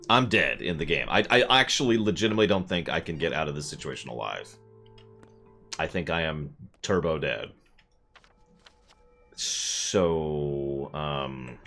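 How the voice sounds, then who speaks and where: Deep-voiced man rambling over game music. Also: sharp tone. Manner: rambling and jokey, jumping into high-pitched mock voices. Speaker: streamer playing a video game. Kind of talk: casual gameplay commentary.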